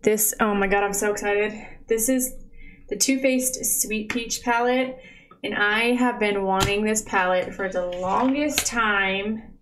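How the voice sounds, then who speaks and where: A young woman chatting live to her stream from home, sitting right up against her microphone. She gushes and gasps over each thing she unwraps, and "like" and "oh my gosh" keep filling her sentences. Her voice sits at an ordinary middle pitch. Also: a little slow, low-quality recording. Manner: gushing, excitable, lots of "like" and "oh my gosh". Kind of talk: casual live-stream unboxing chat. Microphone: close desk mic.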